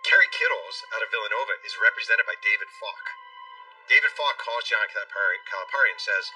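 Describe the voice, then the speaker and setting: A man, an author guest on a talk show, telling a story at a brisk pace and acting out what people said. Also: lowish voice, pushed and bright. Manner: brisk storyteller who acts out quotes. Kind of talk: interview storytelling. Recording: distant mic, faint music behind.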